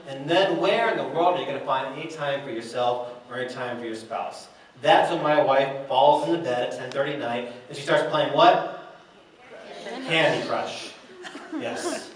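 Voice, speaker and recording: A man giving a seminar, an animated storyteller who jokes with his audience. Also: on the high side, moderate pace, slight background noise. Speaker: seminar speaker. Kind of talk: live seminar talk. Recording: echoey hall, mic far off.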